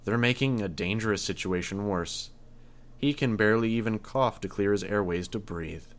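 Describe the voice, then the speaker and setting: A man voicing a calm, measured young woman with insect powers in an audiobook reading. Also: fairly low pitch, lightly acted. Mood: cool. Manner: cool, measured.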